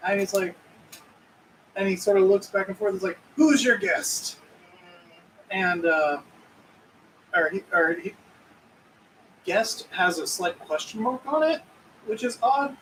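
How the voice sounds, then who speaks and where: A man's voice: sits high, unhurried, long pauses, a bit bright, recorded from a distance, a little hiss or hum, low-quality recording. A man narrating as game master, rambling and searching for words.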